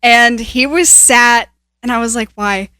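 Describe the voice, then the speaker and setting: Bright animated young woman podcaster. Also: on the high side, measured pace, dry recording, studio quality. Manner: animated storytelling, laughs often. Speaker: podcast co-host. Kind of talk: casual chat.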